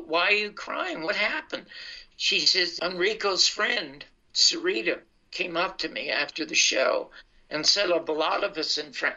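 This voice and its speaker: Recorded with dull, lo-fi sound, an older male comedian spins anecdotes from his life in a lively, casual manner and performs the dialogue himself. He has a very bright, fairly high voice.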